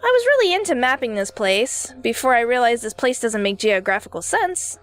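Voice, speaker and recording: A woman's voice: a little high, sing-song, fairly quick, soft background music. A woman reading the lines of a weary male wanderer from a dream game, in an offhand, matter-of-fact way.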